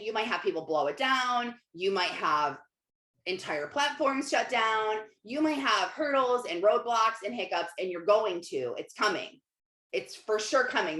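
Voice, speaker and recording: A woman coach talks through a casual motivational monologue, chatty and animated, often dropping "like" and slipping into quick acted-out asides of her own thoughts. Her voice sits in a middle register. The room around her is noticeably echoey. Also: mid-range voice. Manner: frequent filler "like". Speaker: life coach and podcast host.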